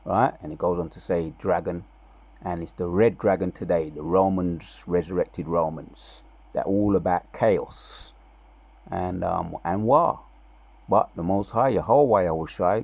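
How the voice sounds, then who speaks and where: A man giving casual religious commentary, reading scripture aloud with loud, drawn-out emphasis between relaxed, slangy asides. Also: low voice, gravelly, husky, dry recording. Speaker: religious video preacher.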